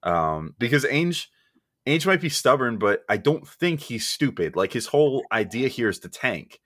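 With big swings in pitch, a mid-range, fairly bright voice carries this man's laid-back podcast as he jokes, rambles, and laughs easily across topics. He talks at a normal speed, and the studio sound is clean and dry.

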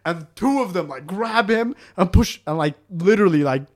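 A young man with a high voice telling a wild story in casual chat. He keeps the pace loose and energetic, peppers it with "like", and slips into other voices as he goes. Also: moderate pace. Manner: animated, acts out voices, lots of "like".

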